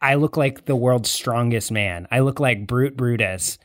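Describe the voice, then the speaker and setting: A player in a tabletop game who talks in a playful, animated way while in character. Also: medium pitch, unhurried, dry recording, clean studio sound. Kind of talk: tabletop role-play.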